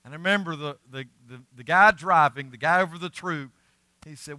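A middle-aged pastor preaches with a bright, forceful, slightly high voice. He leans hard on key words, then drops to a quiet, confiding tone. The sound is close and dry, with no room echo. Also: fairly quick. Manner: earnest, emphatic preaching with rising and falling volume. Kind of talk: sermon.

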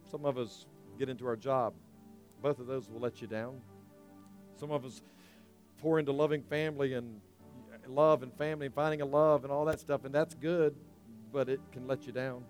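A male pastor preaching a sermon, swinging from near shouts down to quiet, intimate asides, with organ-like music underneath. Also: mid-range voice. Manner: impassioned, rising to near shouts then dropping to quiet intimacy.

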